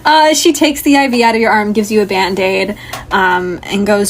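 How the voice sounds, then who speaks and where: A woman's voice: mid-range voice, fairly even intonation, moderate pace, a little hiss or hum. A young woman narrating as game master in a casual college tabletop game podcast, rambling with fillers. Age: young adult.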